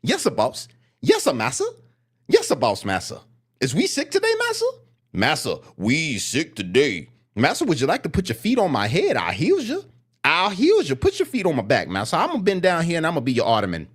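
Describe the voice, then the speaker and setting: This is a fawning, groveling male servant, put on by a man in mockery. The voice jumps up high and swoops in an exaggerated sing-song, pleading and begging in every phrase. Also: huge pitch swings, fairly quick, husky, exaggerated voice. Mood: mocking. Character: groveling, servile male servant, mocking caricature.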